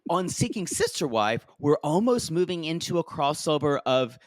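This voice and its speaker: A man co-hosting a casual reality-TV recap podcast, jokey and animated, often mimicking the cast in high mocking voices. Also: moderate pace, dry recording, clean studio sound. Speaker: podcast co-host.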